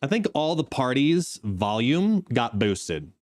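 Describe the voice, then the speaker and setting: A man's voice: mid-range voice, very animated, takes it slowly. A man chatting casually on a live game stream, sleepy and talkative, greeting viewers. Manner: drowsy, chatty, breaks into silly sung ditties.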